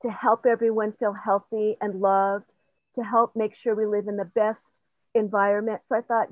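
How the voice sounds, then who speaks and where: A woman's voice: medium pitch, flat delivery, normal speed, no room sound. Older woman, earnest rambling sharer, muffled lo-fi sound, dry close audio. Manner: rambling, earnest, self-laughing. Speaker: participant sharing in a group session. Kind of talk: personal sharing, casual talk.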